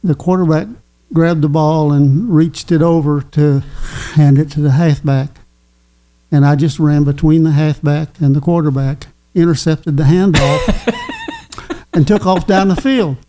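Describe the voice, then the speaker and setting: A man's voice: a little high, steady tone, warm tone. Chuckling older man. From Kentucky. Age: 80s. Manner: chuckling, folksy, halting with fillers. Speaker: guest. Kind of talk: casual storytelling.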